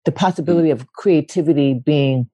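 A woman from West Philadelphia, a poet and actress, telling stories candidly as a guest and acting out quotes with big leaps in her voice. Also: fairly quick. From West Philadelphia, USA. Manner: animated, acts out quotes with big pitch leaps, casual swearing. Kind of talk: candid storytelling conversation.

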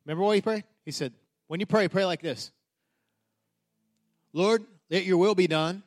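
A high-voiced man preaching a sermon. He talks passionately, stumbling over restarts and repeating key words. His delivery swings from soft, close asides to loud, soaring declarations. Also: normal speed. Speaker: pastor.

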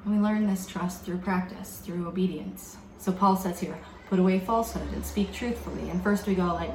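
A woman preaching a sermon in a reflective, measured way, slowing down to stress key words. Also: fairly low pitch, fairly even intonation, a little mellow, a little hiss or hum. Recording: echoey room with faint background ambience.

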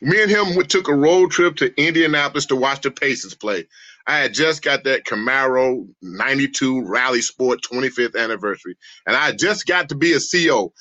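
A middle-aged man from St. Louis telling animated family stories in a casual roundtable, acting out voices as he goes. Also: a little fast, no room sound. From St. Louis, USA. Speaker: roundtable participant. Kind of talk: casual storytelling among family. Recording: dull low-fidelity dry sound.

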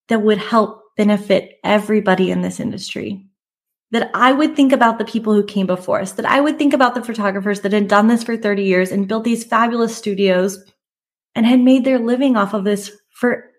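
Woman host telling her own story. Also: medium pitch. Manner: candid, conversational, with emphatic rises. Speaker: podcast host and photography business coach. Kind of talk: personal storytelling monologue.

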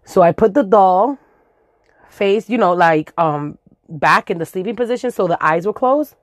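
A woman's voice: medium pitch, animated, moderate pace, no room sound, clean studio sound. A woman in her forties from the Dominican Republic, telling a comic story with swearing, sound effects and Spanish words mixed in.

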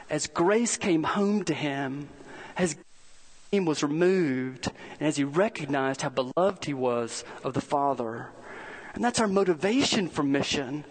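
Man, pastor, sermon, high-pitched, earnest storytelling, slowed emphasis. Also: poor audio.

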